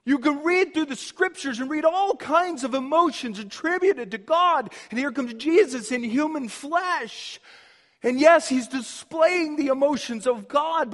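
Male pastor, high voice, slow and deliberate delivery, passionate sermon with hushed drops, long hall reverb. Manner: impassioned, swings from loud emphasis to hushed near-whisper.

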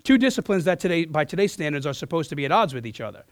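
A man preaching a sermon in a church as pastor, his voice hoarse from losing it, earnest, often restarting and clearing his throat. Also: a little high, sing-song, rapid-fire, dry recording, clean studio sound.

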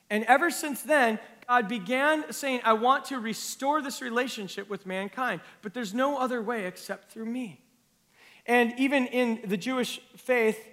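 A pastor delivering a sermon, his voice high and bright as he reads scripture passages aloud. He preaches earnestly, building up in force and then dropping low and quiet. His tone stays clear and ringing throughout. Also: long reverb tail.

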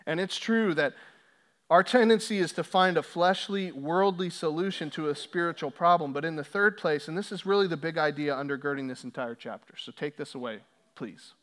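High-voiced man preaching a sermon. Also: brisk, fairly bright tone. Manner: preaching with rising intensity on quoted scripture. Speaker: pastor. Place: church sanctuary.

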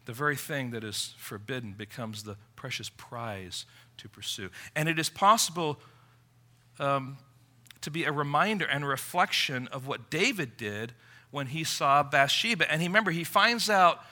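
A man preaching a sermon, emphatic, moving from quiet reflection to forceful appeals. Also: mid-range voice, animated, normal speed.

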